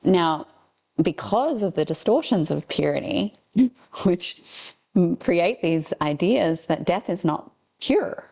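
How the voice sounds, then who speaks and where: A woman podcast guest in casual spiritual chat, speaking haltingly and searching for her words. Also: fairly low pitch, animated, mellow, breathy edge.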